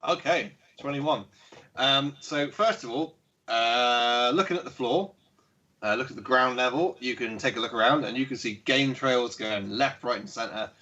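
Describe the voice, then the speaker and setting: A man's voice: medium pitch, moderate pace, sharp tone. A man running a tabletop game as dungeon master, describing scenes with many fillers and chuckles. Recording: muffled lo-fi stream audio.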